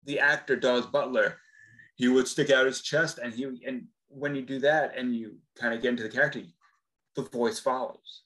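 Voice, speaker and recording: A man's voice: medium pitch, fairly even intonation, normal speed, pushed and bright, low-quality recording. A man, a voice actor, chatting casually as a podcast guest, talking with many fillers and restarts. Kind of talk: casual interview chat.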